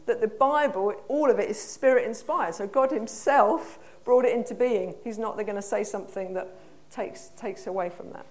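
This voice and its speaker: A woman's voice: mid-range voice, a little mellow. A woman preacher with an English accent gives a conversational sermon, putting questions to her congregation in a church hall.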